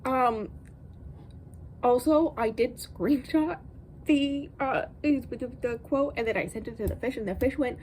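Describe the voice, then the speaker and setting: A woman's voice: fairly high pitch, a little slow, slight background noise, low-quality recording. Exasperated woman ranting about a book. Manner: exasperated, animated ranting with many fillers. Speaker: book vlogger. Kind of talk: casual book review rant.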